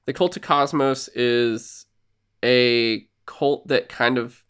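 A man co-hosting a casual podcast, recapping a video game and acting out character lines in quick put-on voices. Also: mid-range voice, fairly even intonation, a bit bright, smooth. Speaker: podcast co-host. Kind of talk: casual chat.

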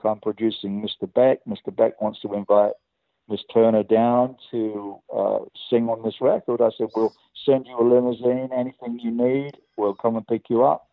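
A man's voice: mid-range voice, no echo, narrow, tinny audio. Older English man spinning studio stories. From England. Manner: lively storyteller who acts out quoted dialogue with many restarts. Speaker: guest, record producer and guitarist. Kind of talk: telling anecdotes in a conversation.

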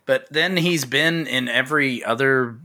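A man's voice: medium pitch, measured pace, pushed and bright. A man co-hosting a casual podcast, blunt, swearing freely and sarcastic about movies. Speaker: podcast co-host. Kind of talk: casual chat.

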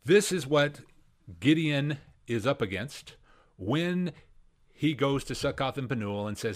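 A male pastor hosting a radio Bible show, preaching in a conversational way and acting out the quotes with animated emphasis. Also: medium pitch, measured pace.

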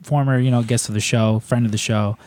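A man's voice: mid-range voice, steady tone, fairly quick, a little mellow, no room sound. A man hosting a podcast in casual chat, rambling and swearing freely into a podcast mic. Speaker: podcast host and editor. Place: room in a house. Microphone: podcast microphone.

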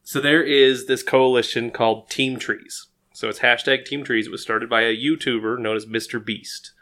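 A man's voice: mid-range voice, steady tone, normal speed, bright, forceful tone. A man co-hosting a casual podcast, joking and self-deprecating. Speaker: podcast co-host.

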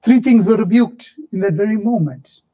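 A man preaching a sermon, swinging between fervent shouts and low, drawn-out murmurs.

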